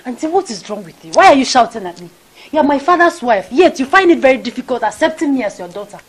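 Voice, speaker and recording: A woman's voice: mid-range voice, expressive, normal speed, breathy edge, poor audio. A young woman with a Nigerian accent playing a student daughter who pleads and protests. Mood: indignant. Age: young adult. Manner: pleading, indignant. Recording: very loud film music behind.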